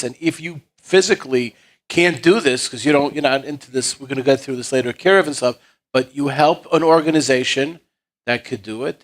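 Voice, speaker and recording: A man co-hosting a live fundraiser, urging listeners to donate between short interjections. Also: medium pitch. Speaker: co-host of fundraiser. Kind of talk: live fundraiser broadcast chat.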